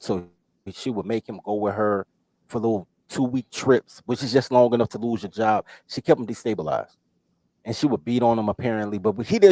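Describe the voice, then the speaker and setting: A man telling a story on a podcast in casual chat, animated and profane, loudly quoting himself. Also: mid-range voice, dry recording. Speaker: podcast host.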